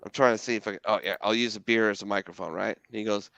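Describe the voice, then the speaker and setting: A middle-aged man hosting a podcast, telling stories in casual, profane, animated chat. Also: lowish voice, quick pace, creaky, few pauses, smooth. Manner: animated storytelling with profanity and laughter. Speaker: podcast host.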